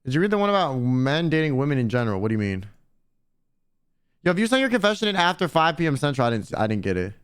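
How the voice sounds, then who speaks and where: A man's voice: a little high, big pitch swings, quick pace, clear, resonant tone. A young man streaming and chatting casually with viewers in a blunt, slangy way, swearing often.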